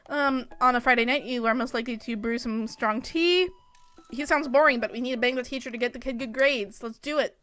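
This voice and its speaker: Young woman gamer, high bright voice, jokey let's play chatter. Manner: chatty, jokey, laughs often. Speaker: gameplay video host. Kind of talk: let's play commentary and reading.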